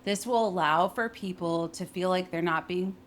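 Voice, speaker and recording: A young adult woman teaching workplace communication in a clear, emphatic way, modeling pitch and phrasing as she explains. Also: normal speed, a little hiss or hum. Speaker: voice and communication coach. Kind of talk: instructional talk with spoken demonstrations.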